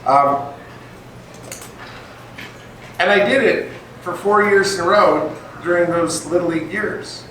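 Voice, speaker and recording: Animated older man telling stories in a hall. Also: sits high, slow pace, pauses often. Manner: animated, acts out voices in his stories. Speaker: speaker at an event. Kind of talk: storytelling talk to a live audience. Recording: echoey hall from far off, faint noise.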